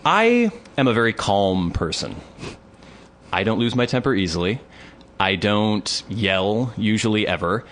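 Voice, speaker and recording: A man's voice: fairly low pitch, unhurried. A man hosting a podcast, telling a story in casual chat with lots of swearing and acted-out quotes. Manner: animated storytelling, acts out quotes, swears a lot. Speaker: podcast host.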